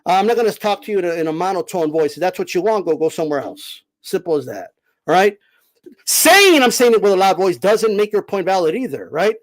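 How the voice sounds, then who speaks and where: A man's voice: high-pitched, sing-song, fairly quick, low-quality recording. A man hosting a boxing live stream, lecturing his chat emphatically and raising his voice to repeat his points. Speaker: boxing commentator host.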